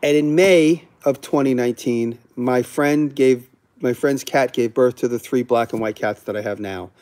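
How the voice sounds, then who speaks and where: This man speaks at an ordinary pace in a mid-range, somewhat dark voice. Running a laid-back livestream, he answers questions from viewers frankly, wandering off topic and interrupting himself before finishing ideas.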